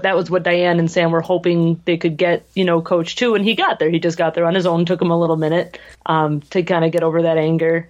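Podcast cohost agreeing along, muffled kinda lo-fi audio. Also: medium pitch. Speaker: podcast co-host. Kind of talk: casual podcast discussion.

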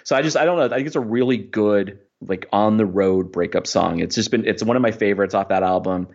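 A man's voice: on the low side, quick pace, darkish tone, muffled recording. A man hosting a podcast, talking about a favorite song in a reflective, rambling way with many fillers. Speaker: podcast host. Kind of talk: casual music discussion.

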